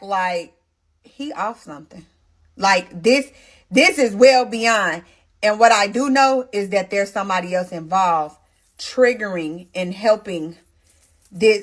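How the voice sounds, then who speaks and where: A woman vlogger narrating a personal story to her viewers in a casual, emotional, animated way, often talking to them directly. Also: mid-range voice.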